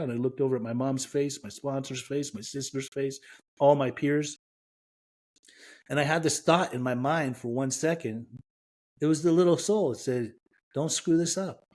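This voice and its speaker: A middle-aged man from Iran speaks as a guest on a podcast and tells a personal story. He voices the dialogue of the people in it and lets real emotion into the retelling. His pitch sits in an ordinary middle range. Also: darkish tone.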